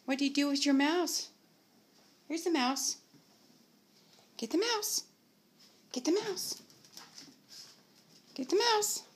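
A woman's voice: high-pitched, animated, slow, pauses often. A woman at home talking to her dogs in a coaxing, playful way, asking them lots of questions. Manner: coaxing, playful pet talk with many questions. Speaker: dog owner. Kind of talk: casual home video talking to pets.

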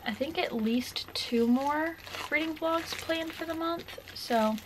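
A young woman talks casually to her camera at home, gushing and excitable, peppering her sentences with "like." Her voice sits high. A faint background noise hangs under the recording. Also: takes it slowly. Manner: gushing, excitable, says "like" a lot. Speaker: book vlogger. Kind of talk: casual reading vlog chat.

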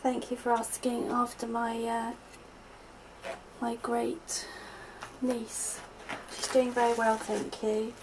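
A middle-aged woman gushing softly as she opens a parcel at home, with lots of delighted exclamations. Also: on the high side, monotone, slow, long pauses, noisy background. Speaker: vlogger opening happy mail. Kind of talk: unboxing chat. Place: at home in a conservatory.

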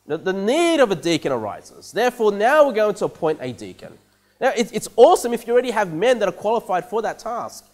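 Aussie pastor guy preaching in church, fairly high voice, lots of you know and okay?. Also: sing-song, brisk, a little mellow. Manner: repeats words, many "you know" and "okay?" checks with the congregation. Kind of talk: conversational sermon.

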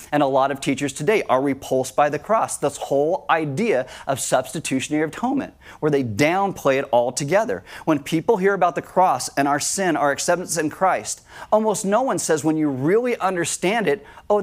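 A man preaching a sermon as pastor, emphatic, and he acts out the voices of people he quotes. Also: medium pitch. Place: church.

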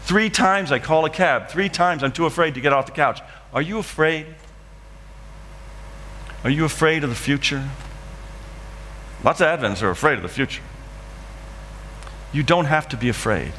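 A man's voice: fairly high pitch, expressive, normal speed, pauses often, sharp tone, in a large hall, slight background noise. A man preaching a dramatic testimony in church, acting out scenes from his story. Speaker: guest preacher. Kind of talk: sermon testimony.

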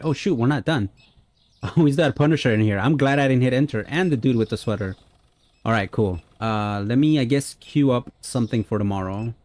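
A man's voice: on the low side, darkish tone, no echo. A man giving friendly, casual let's-play commentary on a simulation game, chatting with his viewers and dropping many "uh" fillers. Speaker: gaming YouTuber.

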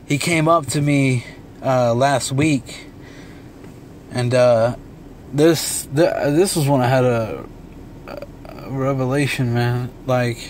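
A young man talking in a relaxed, rambling vlog monologue from a dark room at home, swearing freely. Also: medium pitch, slight background noise. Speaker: vlogger and beatmaker.

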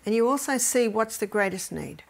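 A woman's voice: on the high side, lively intonation, a little fast, vocal fry. A middle-aged woman gives a faith-based health lecture, telling stories with animation and often dropping to near-whispers.

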